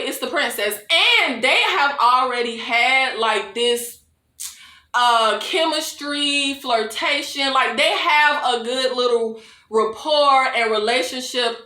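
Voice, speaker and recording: A young woman, recapping a TV episode in a sassy, expressive way and laughing often. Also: high voice. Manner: expressive, sassy, laughs often, calls viewers "y'all" and "baby". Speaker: TV recap reviewer. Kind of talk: casual, animated episode recap. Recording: echoey room.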